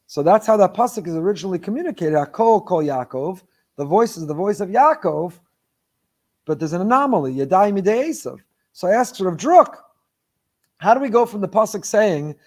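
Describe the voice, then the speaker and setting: Male rabbi, high voice, fiery sermon before a congregation, chants Hebrew verses. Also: animated, normal speed. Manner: impassioned, rising to near-shouted emphasis; quotes Hebrew verses in a chanting study cadence.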